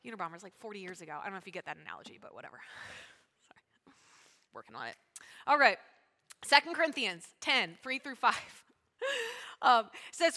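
A woman pastor preaching a sermon in a fast, chatty way, joking and adding asides. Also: on the high side, big pitch swings, pushed and bright. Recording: long hall reverb.

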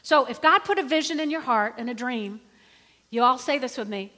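A middle-aged woman preaching a sermon in an animated, conversational way, often calling for the congregation to respond. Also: high voice, normal speed. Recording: reverberant hall.

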